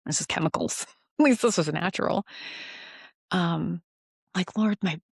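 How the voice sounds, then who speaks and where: A woman giving a rambling, earnest faith testimony, self-deprecating and quick to laugh at herself. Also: lowish voice, gravelly, slightly rough, dry recording, studio quality. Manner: halting restarts when emotional. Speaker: Christian devotional vlogger.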